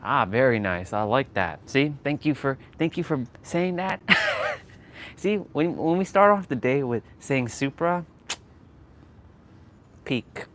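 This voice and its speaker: A man's voice: mid-range voice, huge pitch swings, slow, pauses often, a bit bright. A man live-streaming from his phone while walking outdoors, chatting casually and laughing often as he talks to his viewers. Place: outdoors on a street. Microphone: phone on a gimbal.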